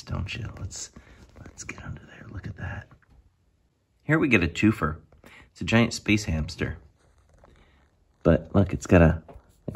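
A man with an extremely low, husky voice reviews tabletop miniatures in a casual, excited way. He keeps slipping into quiet, hushed asides as he looks closer. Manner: enthusiastic, drops to hushed asides.

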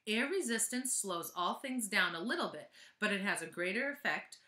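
Animated woman reading a storybook aloud. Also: mid-range voice, normal speed. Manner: animated, chatty asides. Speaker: reader. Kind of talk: reading a children's book aloud with asides. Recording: echoey room.

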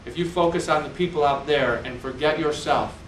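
A man's voice: on the high side, a little fast, slight background noise. A man giving a live motivational speech, telling stories animatedly with self-mocking humor. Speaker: motivational speaker. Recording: echoey hall, distant mic.

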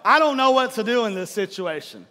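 A middle-aged male pastor preaching, telling a personal story with animated, playful acting-out. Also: sits high, brisk. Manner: animated storytelling, acts out own frustration. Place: church hall. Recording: long hall reverb.

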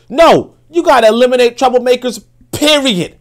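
Emphatic, high-voiced, profane male commentator. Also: lively intonation, moderate pace. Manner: emphatic, profane, repeats words while thinking. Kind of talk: casual commentary with read-aloud quotes.

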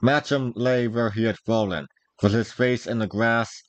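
A man's voice: mid-range voice, fairly even intonation, low-quality recording. Man reading a classic adventure story aloud. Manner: measured, unhurried reading of old-fashioned prose. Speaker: story reader, vtuber. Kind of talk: storybook read-aloud narration.

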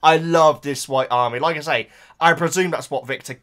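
A man's voice: fairly high pitch, normal speed, a bit bright, soft background music. A man hosting a reaction channel, talking in a casual, emotional and rambling way with lots of restarts.

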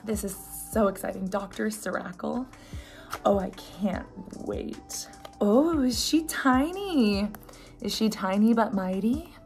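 A young woman who is sick and congested, chatting excitedly in a casual unboxing vlog. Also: medium pitch, takes it slowly, faint music behind. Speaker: beauty vlogger.

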